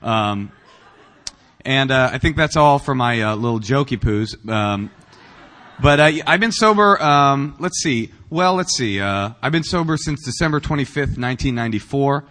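A man's voice: mid-range voice, expressive, moderate pace, fairly bright tone, big-room sound. A man from Northern California giving a humorous personal talk at a recovery meeting, rambling and self-mocking with many fillers and restarts. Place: meeting room.

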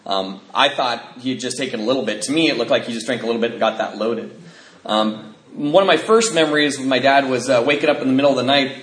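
A man's voice: mid-range voice, fairly bright tone, echoey room, rough recording. A man sharing a personal testimony, telling the story of his life candidly, with fillers and nervous laughs.

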